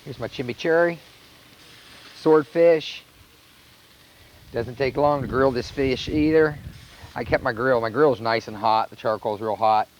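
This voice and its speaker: A man with a North Carolina accent, a chef talking through a cooking demonstration in a relaxed, plainspoken way. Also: mid-range voice, unhurried, long pauses, slight background noise. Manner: relaxed, plainspoken, step-by-step instruction. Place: outdoor charcoal grill by a house. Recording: dull lo-fi VHS recording.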